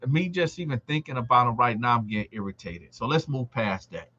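A livestream host tells a casual story about his time in prison, animatedly acting out the quoted lines of other inmates. His medium-pitched voice is brisk and slightly rough, and the recording sounds muffled.

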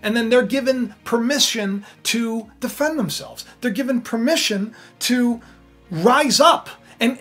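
A man giving an informal Bible teaching, retelling the story with animated, casual storytelling. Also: very high voice, breathy edge.

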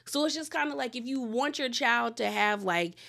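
A woman's voice: normal speed, creaky. Chatty opinionated woman recapping TV. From Washington DC area. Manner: chatty and opinionated, pitch jumping up when excited. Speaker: reality TV recap host. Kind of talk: casual recap commentary.

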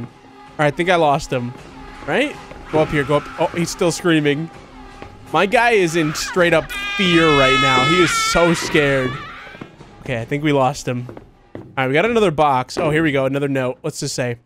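A man hosting a horror game let's play, giving confused running commentary and bursting into excited yelps and laughter. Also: on the high side, moderate pace, music in the background. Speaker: gaming video host.

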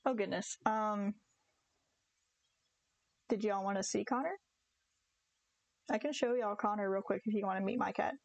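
A woman's voice: mid-range voice, normal speed, creaky, pauses often, no echo. A young woman streaming a farming game, chatting casually and giggly with her viewers and her cats. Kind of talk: casual live-stream chat.

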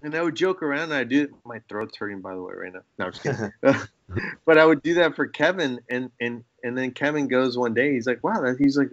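Lively storytelling man, dry muffled sound. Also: medium pitch, brisk, no echo. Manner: animated storyteller acting out quoted dialogue. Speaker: guest special effects makeup artist. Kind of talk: casual podcast chat.

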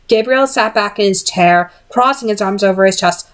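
A woman's voice: medium pitch, normal speed, hardly any pauses. A woman reading a novel aloud, telling the story steadily and now and then correcting a slip. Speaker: reader.

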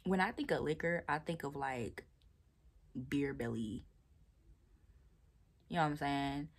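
Gravelly-voiced young Southern woman chatting. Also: sits low, a little slow. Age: 20s. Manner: chatty, laughing, playful asides to viewers. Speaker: vlogger. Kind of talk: casual chat while taking down twists.

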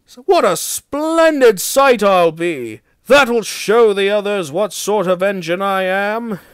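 A man doing a boastful, excitable tank engine. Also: high-pitched, takes it slowly, smooth, no echo, studio quality, pitched above the performer's own voice. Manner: eager, boastful and anxious.

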